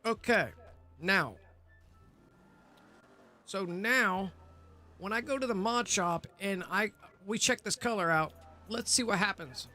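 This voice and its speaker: High-voiced bright man streaming casually. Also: expressive, slow pace, long pauses, soft background music. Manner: rambling, swears casually, talks to chat. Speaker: livestream host. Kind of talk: casual livestream chat.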